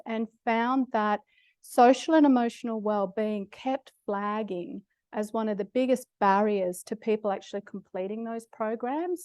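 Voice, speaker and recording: A woman's voice: mid-range voice, darkish tone, dry recording, clean studio sound. A middle-aged Australian woman giving a public lecture, telling personal stories with a humorous, self-deprecating manner. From Australia (Queensland). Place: lecture hall.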